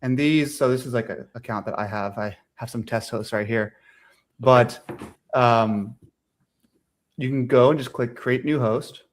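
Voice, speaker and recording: A man appearing as an interview guest, calmly walking through a software demo step by step with easy fillers over a video call. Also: medium pitch, a little slow. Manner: easygoing, explaining step by step with fillers. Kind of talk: product demonstration in an interview.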